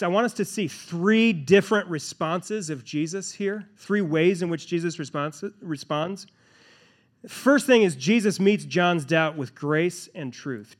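A man preaching a sermon, asking rhetorical questions and repeating key phrases for emphasis. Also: high voice. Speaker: pastor.

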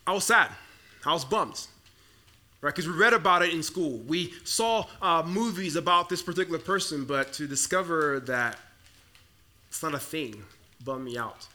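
Young male pastor from the Congo, high bright voice, chatty storytelling sermon in a church. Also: lively intonation, normal speed. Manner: storytelling, conversational with repeated restarts. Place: church sanctuary.

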